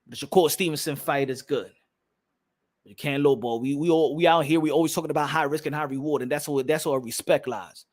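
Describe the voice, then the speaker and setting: A young American man ranting in loud, slangy boxing commentary, mocking and repeating himself. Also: fairly high pitch, brisk. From United States.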